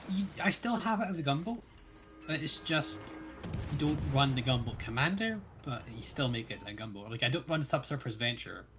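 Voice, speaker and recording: A man's voice: medium pitch, very animated, fairly quick, muffled recording, over music. A Scottish man chatting casually as a fellow player on a gaming livestream, playfully opinionated. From Scotland.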